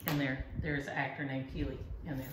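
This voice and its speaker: A woman's voice: extremely low pitch, little pitch movement, brisk. A middle-aged woman, chatting casually and enthusiastically as she shows her needlework. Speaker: needlework vlogger. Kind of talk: casual chat. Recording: echoey room, faint ambient noise.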